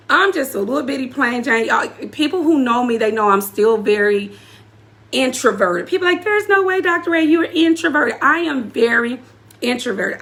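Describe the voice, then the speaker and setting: A woman's voice: on the high side, gravelly, bright, forceful tone. A woman giving an emotional personal testimony as an apostle and community leader, speaking straight to her live audience and repeating key phrases for emphasis. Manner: preacherly, speaks directly to the audience.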